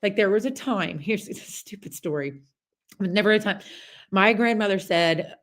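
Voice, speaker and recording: A woman hosting a podcast, talking in a casual, chatty motivational monologue with many fillers and lively storytelling. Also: medium pitch, normal speed. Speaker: podcast host.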